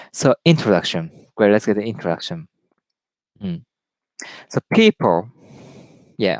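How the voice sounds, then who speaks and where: Man reading aloud haltingly in English. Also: on the low side, no room sound. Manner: reads aloud haltingly, repeats words, greets viewers. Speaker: live stream host. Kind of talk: casual reading and commentary.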